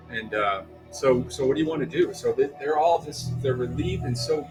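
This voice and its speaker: A man's voice: mid-range voice, normal speed, few pauses, rough recording. Rambling male game master. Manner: rambling, with many fillers and restarts. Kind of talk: narrating a tabletop game. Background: background music.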